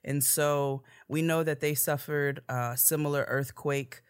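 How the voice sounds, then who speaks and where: A woman's voice: low-pitched, fairly even intonation, clean tone. A woman co-hosting a podcast, talking in a loose casual way with frequent laughter and restarts. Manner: laughs often, drawn-out casual talk with restarts. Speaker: podcast co-host. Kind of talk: casual chat.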